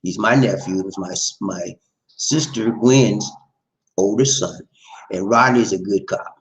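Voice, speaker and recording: A man's voice: lowish voice, a little slow, low-quality recording. A middle-aged man hosting a casual livestream, chatting, reading out viewer names and laughing often. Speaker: livestream host.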